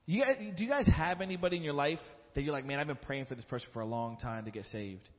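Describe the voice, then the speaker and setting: A man's voice: medium pitch, lively intonation, quick pace. Earnest man telling a church testimony. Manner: earnest, storytelling, emotional at times. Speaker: church speaker at offering time. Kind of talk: sermon testimony and prayer. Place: church hall. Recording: dull sound in a reverberant hall.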